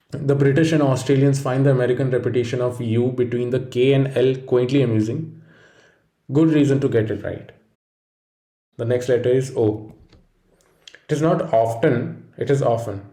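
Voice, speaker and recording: A man giving a scripted pronunciation lesson in a measured, explanatory way. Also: medium pitch, mellow, reverberant. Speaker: pronunciation teacher. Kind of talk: scripted instructional narration.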